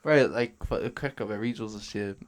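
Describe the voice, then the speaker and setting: A young man, a dancer appearing as a podcast guest, tells stories in laid-back, slangy chat and laughs often. His voice is on the low side and his pace is brisk.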